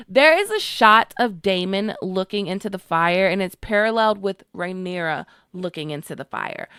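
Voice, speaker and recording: A woman giving a casual, expressive recap of a TV episode, slangy and emotionally invested. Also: medium pitch, normal speed, hardly any pauses, clear, resonant tone, no echo, studio quality. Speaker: TV show reviewer.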